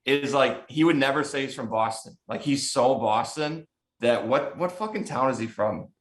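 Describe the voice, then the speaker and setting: This mid-range male voice moves at a normal speed. He's a thirty-something ex-hockey goalie from the south suburbs of Chicago, USA, laughing often as he tells stories during a loose, foul-mouthed podcast conversation.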